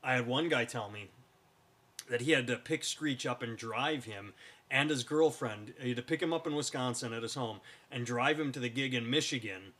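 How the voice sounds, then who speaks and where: A male comic co-hosting a podcast, rambling through a story with plenty of swearing. His pitch sits in the middle, and the chat stays loose and casual. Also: normal speed, fairly bright tone. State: hiccups. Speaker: podcast co-host, stand-up comic.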